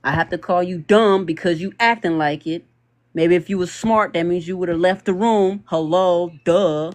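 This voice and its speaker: A man, hosting a podcast panel in loose, joking livestream banter. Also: high voice. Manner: loose, joking, slangy, quick laughs.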